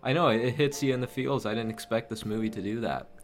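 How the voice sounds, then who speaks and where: A man's voice: medium pitch, fast. A man co-hosting a podcast in casual chat, rambling through his points with lots of restarts. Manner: rambling, many fillers and restarts. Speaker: podcast co-host.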